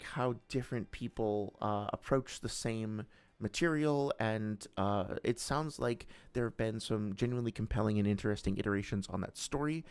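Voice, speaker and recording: A man's voice: fairly low pitch, a little mellow, clean tone. A young man hosting a casual live stream, talking to chat in a rambling, hesitant way with many fillers.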